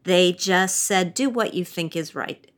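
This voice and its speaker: A woman hosts an interview and asks her questions in a measured, conversational way. Her voice sits on the low side for a woman. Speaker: podcast host.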